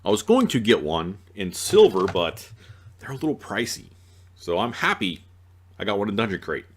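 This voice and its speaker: A man's voice: lowish voice, big pitch swings, normal speed, slight background noise. A man hosting an unboxing video, chatting casually and joking at himself, groggy after a night out and stumbling over his reading. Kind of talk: casual rambling unboxing talk.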